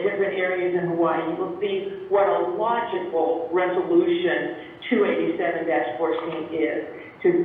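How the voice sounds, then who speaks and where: A man giving earnest, orderly public testimony at a council hearing, taking each item in turn. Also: sits high. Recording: echoey hall from far off, thin phone-like sound, faint hiss.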